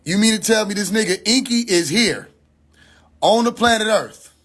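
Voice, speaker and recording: A man's voice: high voice, moderate pace, a bit bright. A man hosting a livestream, ranting in a mocking, incredulous way and swearing constantly. He keeps repeating his own questions for effect. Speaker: livestream host. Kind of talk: profane comedic rant on a livestream.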